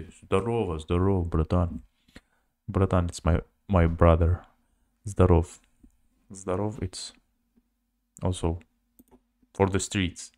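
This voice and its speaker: Slow, halting man teaching a language. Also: sits low, darkish tone, no echo, clean studio sound. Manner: halting, many fillers, repeats words slowly. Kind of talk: casual language lesson.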